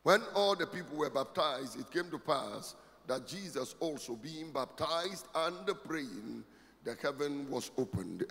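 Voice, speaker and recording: A pastor preaching a sermon, emphatic and rising to shouts with a sing-song cadence. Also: male voice, on the high side, animated, unhurried, creaky. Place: church. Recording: long hall reverb, faint music.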